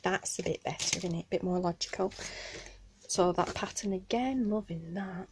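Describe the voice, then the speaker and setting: A woman's voice: fairly low pitch, moderate pace, background noise. Chatty Northern English woman unboxing crafts. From Northern England. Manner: gushing, chatty, apologetic asides. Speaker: craft channel host. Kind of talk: casual unboxing vlog. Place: home craft room, indoors. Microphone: camera on a tripod.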